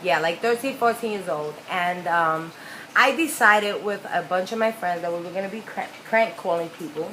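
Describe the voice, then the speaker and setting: A woman's voice: on the low side, moderate pace, pushed and bright, a little hiss or hum, poor audio. A young woman telling a story in a chatty, profane storytime vlog. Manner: chatty, profane, full of fillers. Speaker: vlogger.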